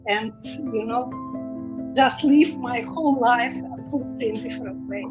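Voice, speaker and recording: Woman, high-pitched, tearful testimony over music, dull lo-fi audio. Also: slow. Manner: emotional, grateful, in non-native English. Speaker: interviewee giving testimony.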